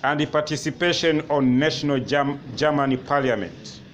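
A male history teacher dictates notes to a class, slowly repeating each phrase. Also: on the high side. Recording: noisy classroom ambience.

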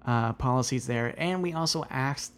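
A man's voice: mid-range voice, normal speed, clean tone. Easygoing man hosting a podcast chat. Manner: relaxed, conversational, many fillers and agreeing replies. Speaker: podcast host. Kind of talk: casual podcast conversation.

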